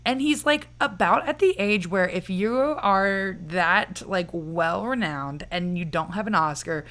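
A woman's voice: fairly low pitch, a little slow, a bit bright. Joking young woman co-host. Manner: chatty, joking, laughs often. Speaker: podcast co-host. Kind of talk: casual chat.

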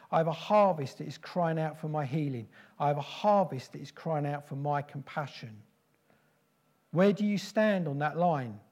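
Mellow-voiced man preaching solemnly. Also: on the high side. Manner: slow, solemn, repetitive declarations. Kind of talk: prophetic sermon.

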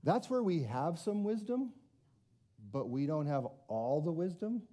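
A man delivering a conversational sermon, his voice very dark and mellow. His pitch rises and falls a great deal as he talks. He keeps turning questions back on the congregation. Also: big pitch swings, measured pace. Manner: conversational, self-deprecating, asks the congregation questions. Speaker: pastor.

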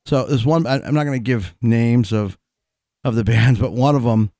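Brief: male podcast co-host, mid voice, meandering and halting delivery. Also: medium pitch, dark tone, dry recording. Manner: rambling, hesitant, restarts often. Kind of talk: casual chat.

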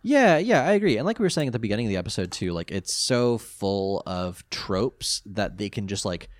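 A man co-hosting a podcast, chatting casually as he recaps an episode and jumps up high when reacting. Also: big pitch swings, a little fast, no echo. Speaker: podcast co-host.

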